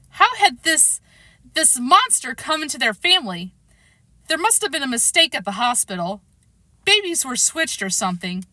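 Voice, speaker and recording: A woman narrates a story in a bright, fairly high voice and reads it with lively expression. The recording is dry and close-miked, with no echo around her. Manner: expressive read-aloud, acting out the characters' lines. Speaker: storybook reader.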